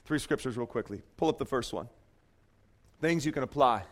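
A man's voice: mid-range voice, fairly quick. A man preaching a sermon in a church, telling a story with jokes and playful asides to the congregation. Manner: joking, animated storytelling. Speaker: pastor.

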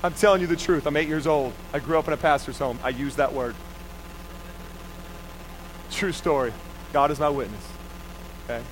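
A man's voice: fairly high pitch, moderate pace, pauses often, noisy background. A man in his thirties preaching a sermon, telling a childhood story and acting out the voices in it, then urging his listeners to answer back. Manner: animated, acts out quoted voices, urges the crowd to respond. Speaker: pastor.

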